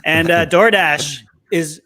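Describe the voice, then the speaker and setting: A man's voice: fairly high pitch, slow, sharp tone. A man co-hosting a podcast, telling a self-mocking story while reading a casual ad. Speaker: podcast co-host. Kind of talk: casual ad read with jokes.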